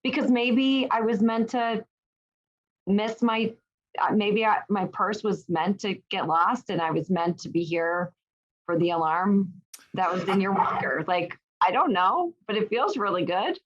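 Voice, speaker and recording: Lively woman telling a story, dull sound. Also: mid-range voice, unhurried. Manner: lively, animated storytelling with frequent restarts. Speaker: guest. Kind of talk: casual storytelling in an interview.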